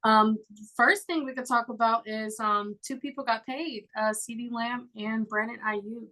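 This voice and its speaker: Female co-host, a bit higher voice, chatty and keen sports talk. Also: fairly even intonation, measured pace, bright, forceful tone, low-quality recording. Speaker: podcast co-host. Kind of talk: casual sports podcast chat.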